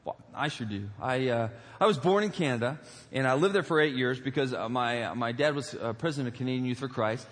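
A pastor preaching a humorous, story-driven sermon in a large auditorium, animated and jokey, with many fillers and asides. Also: male voice, medium pitch, fairly quick. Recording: long auditorium reverb.

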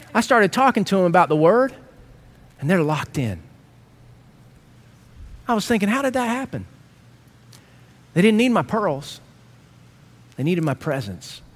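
A middle-aged man preaching a sermon as pastor, telling stories with animated, self-mocking humor. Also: high voice, slightly rough.

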